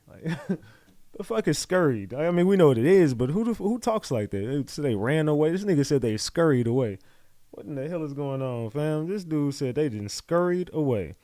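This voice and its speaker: A man's voice: mid-range voice, expressive, normal speed, dark tone, no echo, studio quality. A man giving casual, profane commentary as he reads out court testimony, incredulous and mocking. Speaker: commentator on a trial.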